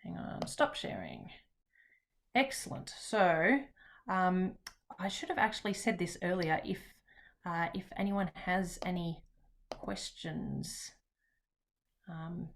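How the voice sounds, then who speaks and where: Relaxed woman presenting. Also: on the low side, vocal fry. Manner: relaxed, chatty, with frequent pauses. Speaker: teacher presenting a workshop. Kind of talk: online webinar presentation.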